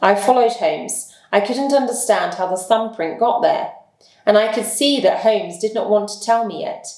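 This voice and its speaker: A woman's voice: medium pitch, normal speed, darkish tone. Woman reading a story for learners. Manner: clear, careful narration. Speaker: English teacher reading a story. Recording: echoey room.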